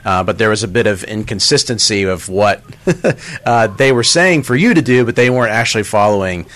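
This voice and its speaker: A man's voice: on the low side, animated, moderate pace, a bit bright. A man hosting a call-in radio show, recapping the caller's story and passing to co-hosts. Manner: friendly, recapping for listeners. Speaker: radio show guest host.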